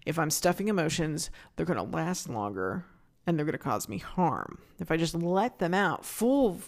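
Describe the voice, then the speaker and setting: A woman hosts a solo podcast, talking straight to her listeners. Her pitch swings widely as she goes, and she comes across as intense and passionate. She restarts her sentences often and swears freely. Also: big pitch swings, moderate pace. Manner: candid and casual, swears freely. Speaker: podcast host.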